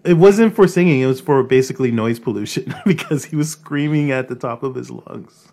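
A man hosting a podcast. He reads out a news item haltingly, giggling as he goes. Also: mid-range voice, darkish tone. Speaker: podcast host. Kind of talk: casual chat, reading news aloud.

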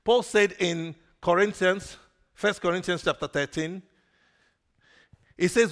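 A male preacher with a gravelly edge to his fairly high voice. He takes his time, drawing each answer out of the congregation with a question. His delivery swings between loud emphasis and quiet asides. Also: slow pace, long pauses. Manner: call-and-response questions to the congregation. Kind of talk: sermon.

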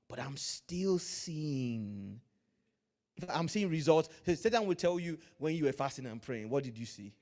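A man preaching a sermon, swinging from loud, drawn-out lines to hushed asides, with Pidgin phrases mixed in. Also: mid-range voice, sing-song. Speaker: pastor.

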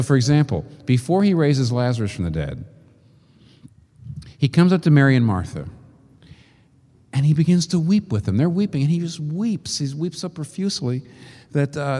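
A man preaching a sermon, working through rhetorical questions and slow, emphatic repetitions. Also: medium pitch, warm tone. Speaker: pastor. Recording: long reverb of a large hall.

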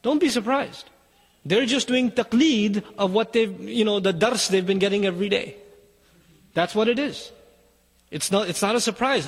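A man's voice: very high-pitched, moderate pace, breathy edge, big-room sound. A man giving an urgent sermon to parents, exhorting them directly. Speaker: Muslim speaker.

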